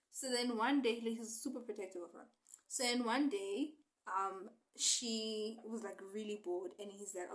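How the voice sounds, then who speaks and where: A young woman casually retelling a novel for a book review, chatty and animated as she acts out the characters. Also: mid-range voice, moderate pace, poor audio.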